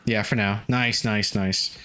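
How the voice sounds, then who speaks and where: A man's voice: on the low side, fairly even intonation, unhurried, bright, forceful tone, slight background noise. A man casually commenting while streaming a video game, cursing and laughing often. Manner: loose, profane, laughs often.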